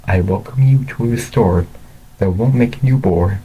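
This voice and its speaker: A man's voice: fairly low pitch, measured pace, warm tone, a little hiss or hum, lightly acted, poor audio. A man voicing a formal, welcoming restaurant owner with polite, courteous speech.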